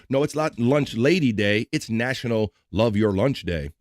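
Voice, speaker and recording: A man's voice: mid-range voice, animated, moderate pace, few pauses, no echo. A man hosting a casual live stream, loose and playful, breaking into silly voices and sung bits. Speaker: livestream host.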